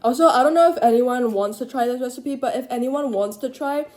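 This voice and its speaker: A young woman with a high, slightly mellow voice talks briskly and casually to her viewers while cooking and eating. The vlogger sounds a little sleep-deprived and slurs slightly as she chats through her cooking vlog.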